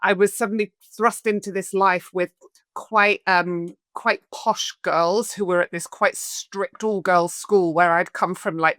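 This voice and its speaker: A woman in her forties with a Scottish-tinged English accent, a guest on an interview, telling her story in an animated way and acting out the voices she quotes. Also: fairly low pitch, no echo, clean studio sound. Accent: Scottish with English influence. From Scotland. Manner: animated, acts out quoted voices, lists things off. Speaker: guest, alcohol coach.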